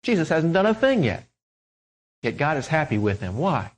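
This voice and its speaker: Animated preaching man, lively pitch. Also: normal speed, low-quality recording. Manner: dynamic preaching, swinging from loud emphatic peaks to soft hushed lines. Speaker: pastor. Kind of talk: sermon.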